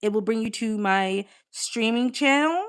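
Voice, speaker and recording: A woman's voice: a little high, measured pace, smooth. A young woman, chatting casually with viewers on a live stream, laughing often and swearing now and then. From Australia.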